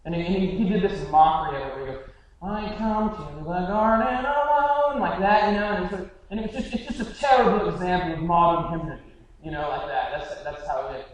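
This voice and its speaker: A man preaching a sermon in an earnest, conversational way, often restarting his phrases. His voice sits fairly high. He is heard from a distance in a very echoey church sanctuary. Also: lively intonation, quick pace. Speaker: pastor. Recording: very echoey hall, mic far off.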